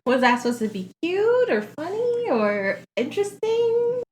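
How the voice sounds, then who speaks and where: High, lively woman podcast co-host. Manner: quick reactions, laughs along. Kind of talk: casual movie recap chat. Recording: echoey room, faint noise.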